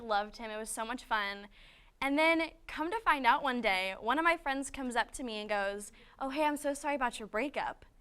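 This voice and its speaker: A woman's voice: fairly high pitch, bright, forceful tone, clear, resonant tone. A young woman telling casual, self-mocking stories in a chatty, dramatic way. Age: young adult. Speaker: student panelist. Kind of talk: casual storytelling.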